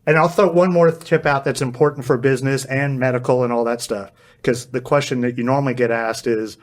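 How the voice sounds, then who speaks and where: A man as a podcast guest giving energetic, plain explanations and acting out bits of dialogue. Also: medium pitch, brisk, hardly any pauses. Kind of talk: podcast interview.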